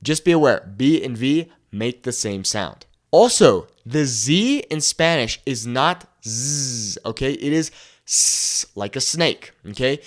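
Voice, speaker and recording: A young man teaching a language pronunciation lesson. He checks in with "okay?" after nearly every point and slows down to stretch out the example words. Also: mid-range voice. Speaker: Spanish tutor.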